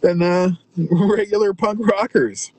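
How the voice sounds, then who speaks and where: A man's voice: sits high, slow pace, poor audio. A man, a touring punk musician, telling profane, laughing stories from his car and acting out other people's lines. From Canada. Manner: profane, laughing anecdotes with voiced quotes. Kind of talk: casual storytelling chat.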